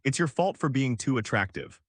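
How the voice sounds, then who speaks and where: A man's voice: medium pitch, wildly swooping pitch, a little fast, husky, no echo. A man voicing a flustered young summoner.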